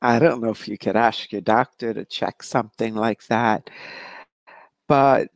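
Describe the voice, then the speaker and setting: A woman's voice: rumbling low, fairly even intonation, measured pace, creaky, no echo. A middle-aged woman hosting a live psychic question show, reading out viewer questions in a breezy, chatty way and laughing often. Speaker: psychic medium show host.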